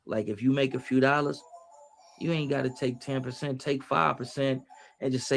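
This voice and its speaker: Gravelly preachy man talking to his chat. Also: mid-range voice, fairly even intonation, moderate pace. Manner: preachy, street slang, repeats phrases. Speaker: livestreamer reading chat. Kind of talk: casual motivational talk.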